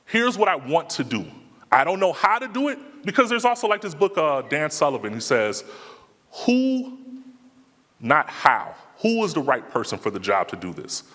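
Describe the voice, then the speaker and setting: A man's voice: a little high, big pitch swings, a little fast, fairly bright tone. A man speaking casually in slang, answering audience questions at a live talk. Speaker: conference speaker. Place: conference hall. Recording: long hall reverb.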